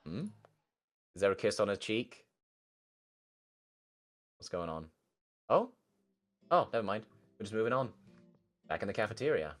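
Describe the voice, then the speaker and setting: A man's voice: lowish voice, big pitch swings, moderate pace, pauses often. A young man reading a visual novel aloud and reacting casually, often swearing. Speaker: game streamer. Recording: faint game music underneath.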